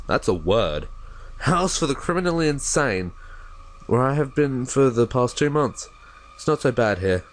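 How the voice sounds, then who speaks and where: A man's voice: medium pitch, natural voice. A man voicing a grief-stricken young mother as he reads a horror story aloud in first person, stumbling over words now and then. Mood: numb.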